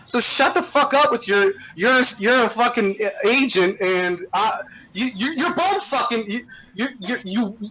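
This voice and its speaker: Brief: male, high bright voice, swears, trips over his words. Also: lively intonation, measured pace, slight background noise, low-quality recording. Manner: profane, stumbling repeats. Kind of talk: casual chat.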